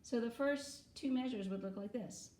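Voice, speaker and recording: A woman's voice: fairly high pitch, normal speed, heavy background noise. A woman music teacher gives a recorder lesson to children, patiently adding "okay?" after nearly every phrase.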